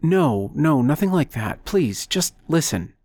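A man's voice: on the high side, very animated, unhurried, a little mellow, no room sound, clean studio sound, full character voice. A man reading the lines of a young woman physicist, urgent and breathless, in an audiobook.

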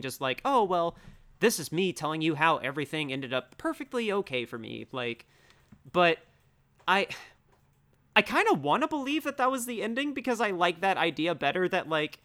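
A man's voice: on the high side, pushed and bright, smooth. A young man co-hosting a casual podcast about films, rambling with lots of "like" fillers and easy laughs. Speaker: podcast co-host. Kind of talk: casual film discussion.

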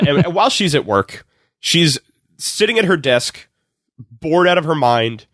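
A man on a comedy podcast, retelling a movie with lots of laughs and quick acted-out voices. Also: medium pitch, no echo, studio quality. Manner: animated storytelling, acts out characters in quick voices, laughs often. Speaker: podcast guest recapping a movie. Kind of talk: casual comedic podcast chat.

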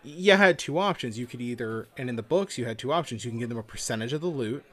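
A podcast co-host talks fast in an expressive, medium-pitched, slightly bright voice during a casual chat about tabletop games. He explains things in a loose, casual way and swears now and then.

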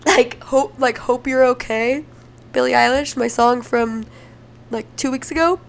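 A woman's voice: high voice, steady tone, measured pace, gravelly. A young woman hosting a casual solo podcast, emotional and crying, laughing through tears and swearing freely. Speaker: podcast host.

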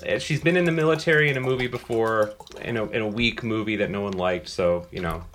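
A man's voice: lowish voice, fast talker, a bit bright, slight background noise. A man co-hosting a casual podcast who gives dry, blunt opinions on actors. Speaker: podcast co-host. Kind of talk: casual movie chat.

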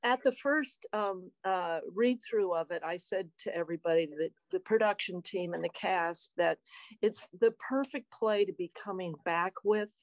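A woman's voice: lowish voice, normal speed, no echo, rough recording. A woman from a theater production speaking in an interview, earnest and reflective about the show. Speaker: theater artist. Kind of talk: casual interview chat.

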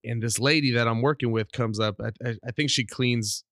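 A middle-aged man hosting a casual solo podcast, rambling and animated while under the weather with a cough. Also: mid-range voice, brisk, no echo, studio quality. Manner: rambling, animated, self-deprecating. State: sick with a cough. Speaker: podcast host.

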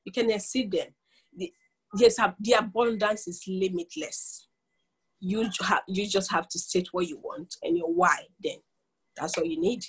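Husky-voiced woman, earnest motivational coach. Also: medium pitch, unhurried. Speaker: coach, interview guest. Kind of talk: casual interview chat.

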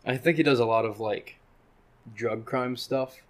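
A man co-hosting a podcast, telling stories in a casual, animated way, swearing freely and laughing often. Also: mid-range voice, a little slow. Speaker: podcast co-host. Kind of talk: casual chat.

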